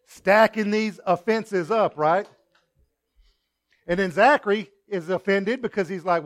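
A male pastor delivering a sermon as a string of everyday stories, turning often to the congregation with asides. He swings between punchy emphasis and quiet remarks, in a voice that sits fairly high for a man. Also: unhurried. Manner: conversational storytelling with asides to the congregation.

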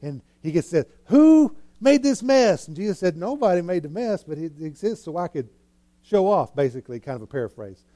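A man preaching a sermon, retelling a scripture story with lively acted-out scenes and big swings between soft and loud. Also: on the high side, quick pace. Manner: animated storytelling, acting out scenes with swings in loudness.

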